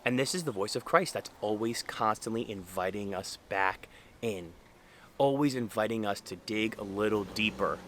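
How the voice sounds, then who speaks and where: A man's voice: lowish voice, normal speed, a bit bright, a little hiss or hum. A young man speaking earnestly and conversationally about faith, with frequent fillers. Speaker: Catholic speaker. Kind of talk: casual faith talk to camera.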